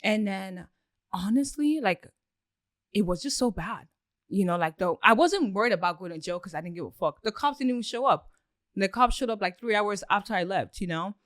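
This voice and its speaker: A woman guest on a podcast, telling a story casually in a rambling, filler-heavy way with lots of swearing and animated acted-out quotes. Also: mid-range voice, normal speed, no room sound, clean studio sound.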